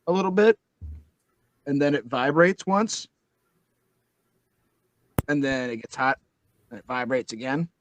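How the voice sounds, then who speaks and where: A man's voice: mid-range voice, dry recording, poor audio. A man narrating a tabletop game as game master, describing scenes loosely with many fillers.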